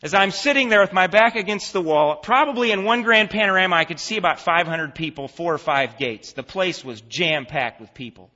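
A male pastor preaching a sermon, telling a vivid story and then making an earnest, hushed appeal. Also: sits high, brisk, few pauses. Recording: echoey church hall, dull lo-fi sound.

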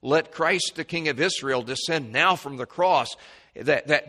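A man preaching an expository sermon, reading scripture aloud and explaining it, his voice climbing high and loud when he quotes the mockers. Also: lively intonation, a little slow, long reverb tail. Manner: rises sharply in pitch and volume when quoting mockers; reads scripture in King James wording with commentary.

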